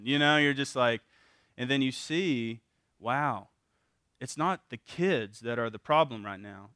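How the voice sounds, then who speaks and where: A middle-aged man giving a casual, animated talk at a parenting seminar, often acting out what parents and kids say in a raised voice. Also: mid-range voice, dry recording, studio quality. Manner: animated, acts out parents' and kids' quotes in a raised voice; casual, with repeated words and restarts. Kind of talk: conversational teaching talk.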